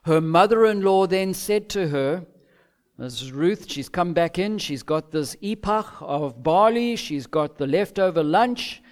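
Male pastor, sermon, measured delivery, emphatic pauses, slow pace. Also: sits high, expressive. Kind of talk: expository sermon.

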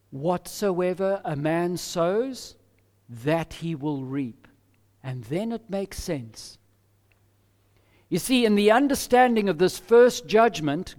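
Pastor, male, high voice, slow, deliberate emphatic delivery; sermon recorded with a long hall reverb. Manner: measured, emphatic preaching with deliberate pauses. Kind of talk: expository sermon.

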